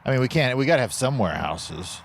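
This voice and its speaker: A man's voice: medium pitch, sing-song, fast talker. A man co-hosting a comedy podcast, talking in a hesitant, filler-heavy way, with faint noise behind. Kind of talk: casual comedy chat.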